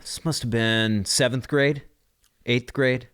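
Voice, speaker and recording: A man's voice: mid-range voice, steady tone, fairly bright tone, clear, resonant tone, dry recording, studio quality. A man, a podcast co-host, chatting casually and cracking jokes. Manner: joking, quick reactions and laughs. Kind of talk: casual chat.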